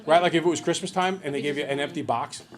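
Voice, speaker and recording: A man's voice: on the high side, fast. A middle-aged man teaching a math class, telling jokey stories and acting out little voices. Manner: playful, jokey, acts out voices in anecdotes.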